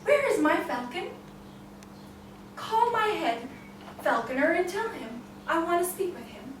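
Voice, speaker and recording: A woman's voice: very high voice, very animated, measured pace, slight background noise, exaggerated voice. Woman putting on a commanding king. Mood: demanding. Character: commanding middle-aged male king. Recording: echoey room, from far off.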